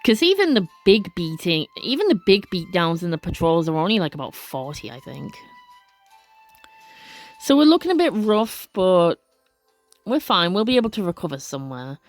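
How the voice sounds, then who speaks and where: A woman doing casual let's play commentary, reading game text aloud with expressive, gasping reactions and chatty asides. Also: on the low side, normal speed, soft background music.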